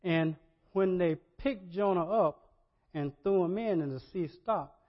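A man preaching a sermon, animated, repeating words and rising to loud emphasis. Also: high voice, measured pace. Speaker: pastor. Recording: dull lo-fi sermon audio.

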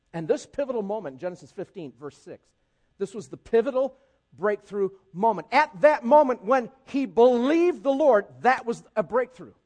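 A male pastor preaching a sermon with humor and repetition for emphasis. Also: sits high. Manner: animated, humorous, repeats for emphasis.

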